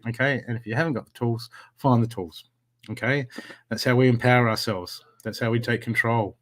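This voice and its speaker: A man's voice: mid-range voice, steady tone, brisk, a bit bright. A middle-aged Australian man giving a live-stream tarot group reading, talking in an earnest coaching tone full of "okay"s. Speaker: tarot reader.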